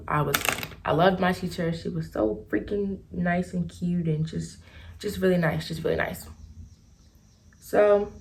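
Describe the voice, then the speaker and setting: A young adult woman chatting casually through a storytime vlog, rambling and animated with lots of "like" and "y'all.". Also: lowish voice, a little hiss or hum. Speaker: vlogger. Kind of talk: casual storytime while doing makeup.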